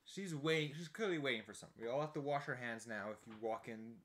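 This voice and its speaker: A man's voice: medium pitch, quick pace, a bit bright. A man telling a story in casual chat, laid-back and chatty, often checking in with "right?".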